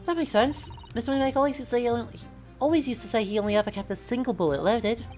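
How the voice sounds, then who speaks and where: A woman voicing a rough male petty thief with a put-on Cockney accent, loud and full of slang. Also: fairly high pitch, racing, soft background music, pitched above the performer's own voice, close to an everyday voice. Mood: cheeky.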